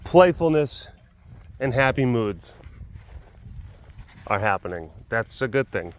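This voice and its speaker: This animal keeper vlogger strolls around a rural animal facility outside, playfully rambling and addressing the animals. He speaks slowly at medium pitch, with big swings in his intonation.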